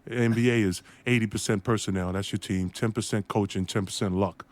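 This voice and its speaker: A male ex-basketball player, speaking a little fast in a lowish voice, recounts a lively story for an interviewer. He laughs a lot and imitates the people he's describing.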